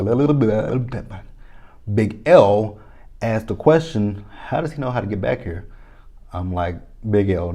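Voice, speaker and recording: Profane, animated man recapping a TV episode. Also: lowish voice. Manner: animated storytelling, profane, reacts aloud to scenes. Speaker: TV episode reviewer. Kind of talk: casual recap and commentary.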